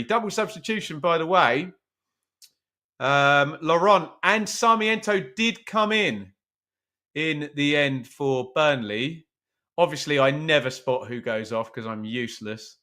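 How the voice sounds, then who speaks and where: Male host, watch-along stream, casual and self-mocking, voice sits a touch high. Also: bright, forceful tone. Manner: chatty, self-mocking, reads chat aloud. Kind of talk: casual live match commentary and chat.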